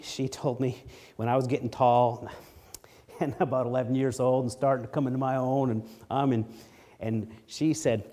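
A middle-aged man preaching a sermon, reading scripture aloud with swelling emphasis and dropping low for asides. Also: mellow. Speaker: pastor.

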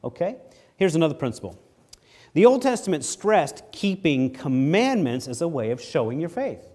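Expressive male preacher. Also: moderate pace. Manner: expressive preaching, rises loud on scripture readings, drops low on asides. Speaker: pastor. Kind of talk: sermon.

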